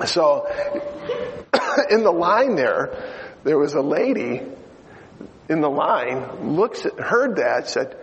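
A man's voice: on the high side, very animated, very slow, long pauses, a little hiss or hum. An older man preaching a sermon in a chatty, joking way, with many fillers. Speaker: pastor. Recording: dull lo-fi sound in a reverberant hall.

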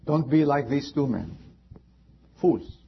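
A man preaching a sermon as pastor, impassioned, rising high and then dropping to a hush. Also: expressive, slow, creaky, highs cut off, background noise. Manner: impassioned preaching with sudden drops to quiet.

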